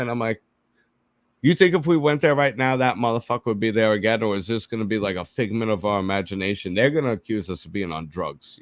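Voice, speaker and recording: A man's voice: on the low side, dry recording. A man telling a story in casual chat, swearing freely and acting out the quotes. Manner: profane, animated, acts out quotes. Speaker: podcast co-host.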